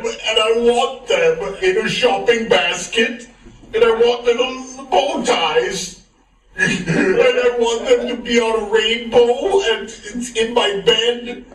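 A man playing a nervous masked supermarket manager making a dating video, halting and full of ums. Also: extremely high pitch, a bit bright, exaggerated voice. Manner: halting, full of ums, gushing about beets. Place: large convention hall, played from a video. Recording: video played in echoey hall, far off.

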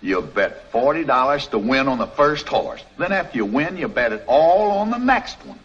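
A shrewd talking mule who delivers wisecracks in a slow, lazy drawl. The pitch rises and falls freely, the tone is bright, and the sound is dull and muffled like an old 1950s film soundtrack. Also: male voice, sing-song, breathy edge. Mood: dry. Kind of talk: 1950s film comedy acting.

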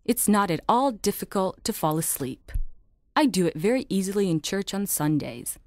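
A woman's voice: medium pitch, lively intonation, moderate pace, no echo, studio quality, close to an everyday voice. An actress playing a blunt, kind-hearted young American girl who scolds frankly. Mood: scolding. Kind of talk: scripted audiobook drama.

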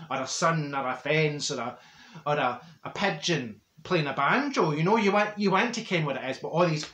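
A man's voice: on the high side, sharp tone. Comic character: a man as a straight-talking middle-aged Glasgow woman, broad Glaswegian, raised voice, echoey room. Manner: blunt, gossipy, laughs often, broad Scots words. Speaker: comedy character monologue. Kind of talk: comic storytelling monologue. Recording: roomy echo.

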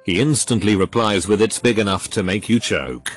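A man reading reader-submitted stories aloud as scripted narration, saying the punctuation marks out loud in a flat delivery. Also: lowish voice, normal speed, faint music behind.

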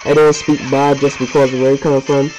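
A man's voice: medium pitch, flat delivery, brisk, darkish tone. A man giving rambling, chatty gameplay commentary as a let's play host from his home basement, with mild swearing. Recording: muffled lo-fi recording over game music.

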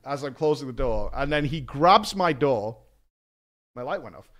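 A man's voice: on the high side, animated, moderate pace, fairly bright tone. A British man streaming a game, telling a rambling story with lots of swearing. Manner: rambling, swears often, self-mocking. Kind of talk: casual storytelling while gaming.

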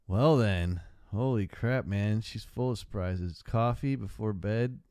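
A man's voice: on the low side, measured pace, darkish tone, no room sound, clean studio sound. A man hosting a casual call-in livestream, laid-back and swearing freely, often tossing in "man.". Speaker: call-in show host.

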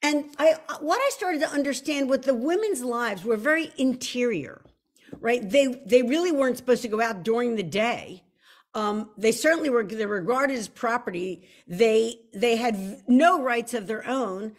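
With a fairly high, lively voice at normal speed, this American woman runs a live online show. She keeps the talk casual and self-mocking, often backing up to restart what she's saying.

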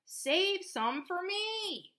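A woman's voice: very animated, pushed and bright, full character voice. A woman doing a pleading apple farmer. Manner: drawn-out, high pleading.

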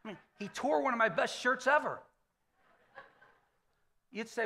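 A man in his fifties preaches in a loose, conversational style, often tossing "okay?" to the room. His voice sits high for a man and rings bright and forceful. He sounds like a pastor talking to his congregation in a church. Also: lively intonation, a little slow, gravelly, a little hiss or hum. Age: 50s. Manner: conversational storytelling sermon, frequent "okay?" check-ins. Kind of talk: sermon. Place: church sanctuary.

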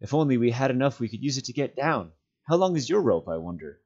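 An earnest young hobbit master, tired yet firm and brisk, as a man reading aloud puts him on. The voice is pitched clearly above the reader's own. The sound is dull and lo-fi. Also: sing-song, a little mellow. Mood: calm.

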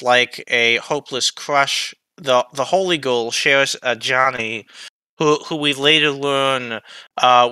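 A man's voice: medium pitch, pushed and bright, clean tone, no room sound. A man in a casual anime discussion, recapping the plot in long, rambling runs.

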